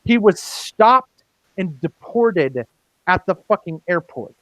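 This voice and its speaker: A man's voice: high voice, animated, slow, a bit bright, no echo, low-quality recording. A man on a casual roundtable podcast, talking in a heated, profane, rambling way with many restarts. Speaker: podcast host.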